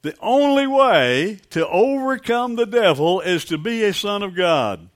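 A man's voice: high-pitched, lively intonation, measured pace. A man preaching a sermon, calling on the congregation for amens and building to emphatic peaks. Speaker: pastor.

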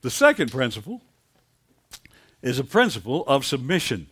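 A man's voice: medium pitch, sing-song, normal speed, a bit bright, breathy edge. A man preaching a sermon, calling on the congregation for amens and building to emphatic peaks. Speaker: pastor.

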